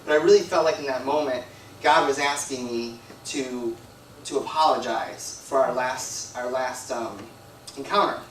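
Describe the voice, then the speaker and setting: This man's sermon wanders through a personal story, full of "like" and "you know," as he fills in as a guest preacher at a church hall. He talks at a normal speed in a mid-range voice. Captured from afar, the audio carries room echo and a slight hiss or hum.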